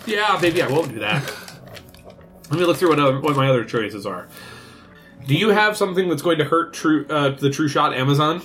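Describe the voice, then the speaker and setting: A man's voice: a little high, expressive, fairly quick, a bit bright, soft background music. A man running a tabletop card game, narrating the action cinematically and laughing often. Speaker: game master.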